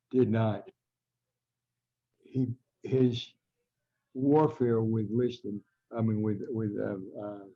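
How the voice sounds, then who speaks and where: An older writer from America, a veteran of the trade, appears on a podcast and tells meandering stories, frequently backing up to restart. He has a mid-range, creaky voice that's mellow with a slight roughness. The recording sounds muffled.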